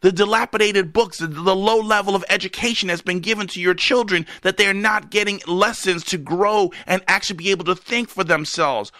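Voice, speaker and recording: Fiery animated male political commentator. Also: high-pitched, moderate pace, few pauses, dry recording, studio quality. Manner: animated, sarcastic, shouts at the listener.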